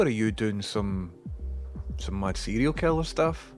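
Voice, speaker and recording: A man's voice: on the low side, expressive, unhurried, soft background music. A man with a Scottish accent who streams, rambling casually and self-mockingly while reading out viewer messages.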